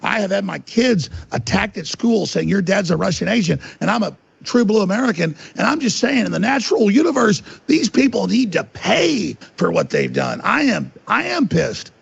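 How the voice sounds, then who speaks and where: A man's voice: high-pitched, very animated, moderate pace, creaky, hardly any pauses, breathy edge. A man ranting indignantly and emphatically as an interview guest, on dull lo-fi audio. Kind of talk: heated interview talk.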